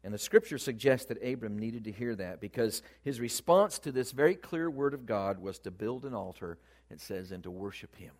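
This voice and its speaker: A man preaching a sermon, speaking with animated emphasis that rises and falls in loudness. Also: lowish voice, normal speed, few pauses.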